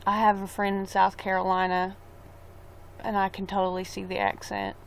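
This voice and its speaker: A woman's voice: mid-range voice, monotone, moderate pace, vocal fry, slight background noise. A young woman chatting casually on a live stream, rambling about a trip and reading viewer comments aloud. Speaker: livestreamer.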